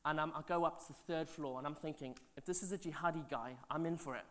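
Animated pastor preaching. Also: male voice, a little high, quick pace. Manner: animated, swings between loud and hushed; chatty, asides to the congregation. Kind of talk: sermon storytelling.

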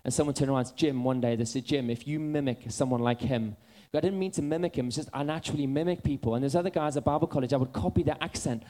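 Animated storytelling male preacher. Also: on the high side, very fast, hardly any pauses. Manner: animated storytelling, drifting into soft earnest appeals. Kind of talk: sermon.

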